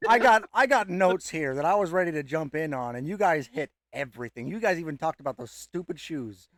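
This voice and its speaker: A man's voice: fairly high pitch, expressive, brisk, fairly bright tone, no room sound. A man leading a casual group chat on a live stream and moving it from one movie to the next. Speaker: tier list host.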